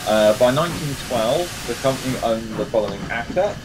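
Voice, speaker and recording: A man's voice: medium pitch, lively intonation, moderate pace, noisy background. A man hosting a live game stream, chatting casually and rambling with lots of fillers and restarts. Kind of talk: casual chat while playing a train game.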